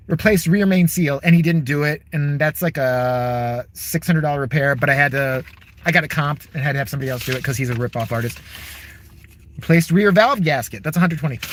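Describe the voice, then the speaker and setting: A man's voice: fairly high pitch, noisy background. A man vlogging from his car, ranting in a sarcastic, profane, exasperated way. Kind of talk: casual profane rant to camera.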